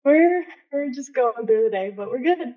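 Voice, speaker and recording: Woman calling in, kinda high voice, hesitant, um-heavy, muffled call-in line. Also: animated, moderate pace, no echo. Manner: hesitant, full of fillers. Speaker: caller. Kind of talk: phone-in call.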